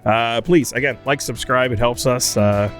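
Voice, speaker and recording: A man's voice: mid-range voice, moderate pace, over music. A man hosting a podcast, talking casually in an opinionated, joking way with restarts. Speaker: podcast host. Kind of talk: casual chat.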